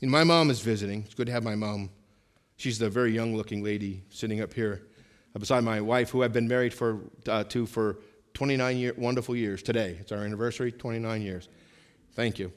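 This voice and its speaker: A pastor in his forties preaching a sermon in church, swinging between loud, emphatic lines and hushed, slower ones. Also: on the low side.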